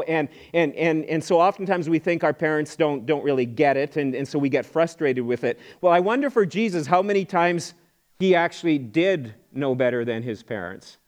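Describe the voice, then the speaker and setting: A man's voice: on the high side, normal speed, darkish tone. A middle-aged man preaching a sermon as pastor, in a conversational way, often repeating words and acting out quoted voices.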